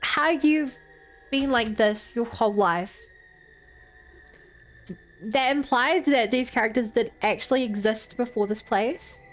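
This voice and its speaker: Woman streamer, game commentary, higher voice, soft music bed. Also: slow, pauses often. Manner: thinking aloud, musing, many "like"s.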